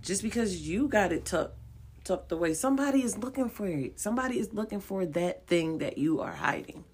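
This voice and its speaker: A woman's voice: mid-range voice, expressive, fairly quick, darkish tone, husky. A woman reading tarot cards for viewers in a casual way. She is blunt, profane and encouraging, and she repeats her points for emphasis. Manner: coaxing and encouraging. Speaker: tarot card reader.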